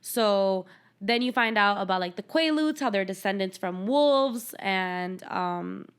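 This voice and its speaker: A young woman hosts a podcast and recaps a film in casual chat, retelling scenes with sarcasm and plenty of swearing. Her mid-range voice is animated and clean in tone, and she talks a little slowly.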